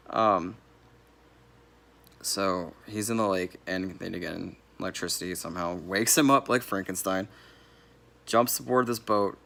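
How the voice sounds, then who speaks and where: Low gravelly man reviewing movies. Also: a little slow, pauses often, pushed and bright. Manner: rambling, corrects himself mid-sentence; laughs now and then while talking.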